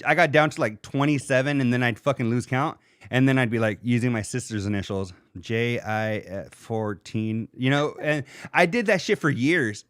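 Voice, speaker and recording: This is a man in his thirties chatting casually as a podcast host, swearing often and laughing as he tells stories. His voice sits at an ordinary middle pitch. The sound is dry and close, with no room around it. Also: a bit bright, no echo. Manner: profane, laughing storyteller. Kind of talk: casual chat.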